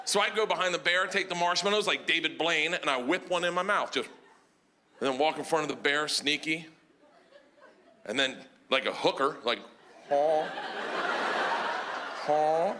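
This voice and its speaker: A stand-up comedian on stage tells a rowdy story in a high-pitched voice. He is loud and animated, and he shouts his punchlines. Clear room noise and laughter from the crowd sit behind him in a live recording. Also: normal speed. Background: audience laughter.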